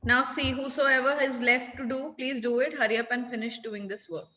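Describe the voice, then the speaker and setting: A woman with an Indian accent teaching an online class over a video call. She is firm and keeps repeating commands to quiet the class. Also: fairly high pitch, fairly even intonation, normal speed, big-room sound, slight background noise, rough recording.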